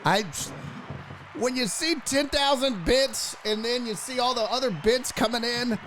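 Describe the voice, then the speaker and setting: A man's voice: very high-pitched, unhurried, slight background noise. A man hosting a casual sports stream, swearing freely and reading out thanks to viewers. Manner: profane, excitable, thanking donors. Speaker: streamer host.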